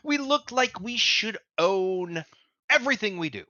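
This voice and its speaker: A man voicing a rambling, pompous, scatterbrained old male sage who shoots up into high indignant outbursts. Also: expressive, measured pace, pushed and bright, no room sound, muffled recording, exaggerated voice.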